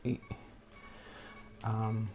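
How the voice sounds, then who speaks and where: A man's voice: extremely slow, music in the background. A man from New Jersey giving casual, rambling gameplay commentary, hesitant and full of fillers, muttering to himself at the game. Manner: rambling and hesitant, with many fillers and self-interruptions; mutters at the game under his breath. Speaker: let's play host.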